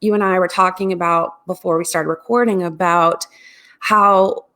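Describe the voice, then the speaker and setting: A woman from Ohio, a guest in an interview, talking in a friendly, relaxed way with casual fillers. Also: on the low side, normal speed. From Ohio, United States. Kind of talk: interview conversation.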